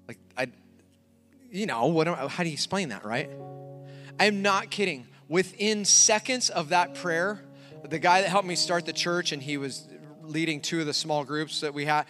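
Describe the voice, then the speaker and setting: High-voiced male pastor preaching. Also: normal speed, faint music behind. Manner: storytelling, rising to forceful emphasis. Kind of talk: sermon with personal story. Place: church before a congregation.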